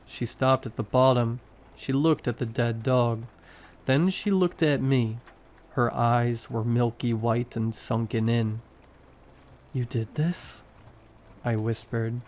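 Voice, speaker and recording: A man's voice: mid-range voice, darkish tone. A man narrating a first-person horror story in short, tense sentences.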